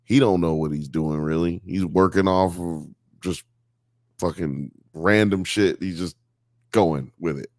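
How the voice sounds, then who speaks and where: A man's voice: low voice, a little slow, a little mellow, no echo, studio quality. A man co-hosting a casual podcast, talking loosely and with lots of profanity, often acting out characters in a mock New York accent. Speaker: podcast co-host.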